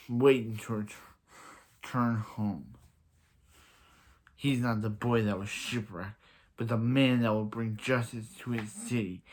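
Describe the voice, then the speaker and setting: A man talking through a show's plot in a loose, rambling way, full of "like" and "so yeah" and quick restarts. His voice sits at an ordinary middle pitch, neither high nor low. The delivery is casual, as if chatting to viewers. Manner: rambling, many fillers and restarts; laughs at own jokes. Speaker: show reviewer. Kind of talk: casual recap and review.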